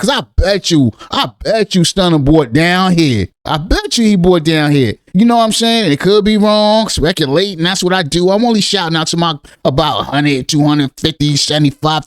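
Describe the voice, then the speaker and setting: A man's voice: high-pitched, no room sound, clean studio sound. A middle-aged man giving rambling, slangy commentary to his channel's viewers, full of "real talk" and "you know what I'm saying.". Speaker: crypto YouTuber. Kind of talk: casual commentary to camera.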